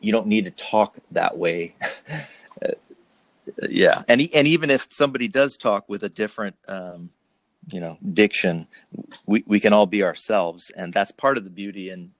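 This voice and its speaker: A man, a pastor and host from New Jersey, talking in a casual church conversation with many restarts and soft laughs. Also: deep voice, no room sound.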